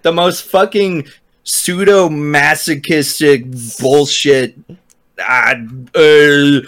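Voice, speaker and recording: A man's voice: a little high, steady tone, extremely slow, fairly bright tone. A man from Washington state ranting heatedly in casual chat, swearing constantly as a podcast co-host. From Washington state, USA.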